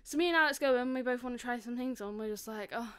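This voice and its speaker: A woman's voice: on the high side, fast talker, fairly bright tone, clean tone, no room sound. A young woman co-hosting a casual podcast chat, telling stories and acting out what people said. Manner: chatty storytelling, acting out quotes. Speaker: podcast co-host.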